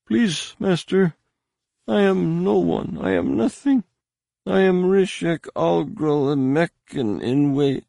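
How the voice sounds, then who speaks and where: A man voicing a whimpering male outcast servant who stammers and pleads in a high, husky put-on voice. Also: expressive, measured pace, hardly any pauses, darkish tone, no room sound, studio quality, full character voice. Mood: fearful pleading.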